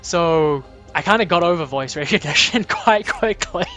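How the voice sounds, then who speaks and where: A man's voice: fairly high pitch, animated, normal speed, bright, forceful tone, soft background music. A man with a New Zealand accent co-hosting a casual livestream, teasing and laughing often, with plenty of ums. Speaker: livestream co-host.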